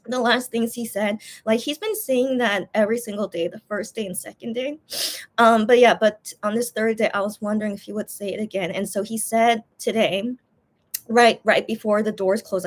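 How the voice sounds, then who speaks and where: A young woman chatting casually on a livestream, rambling with many fillers and restarts as she talks emotionally about a concert. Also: mid-range voice. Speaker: livestream host. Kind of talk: casual chat.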